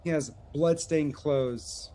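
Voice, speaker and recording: A man's voice: a little high, fairly even intonation, slow pace, warm tone. Man, game master, casual, filler-heavy, faint noise behind. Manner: casual, lots of filler words. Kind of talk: narrating a tabletop game.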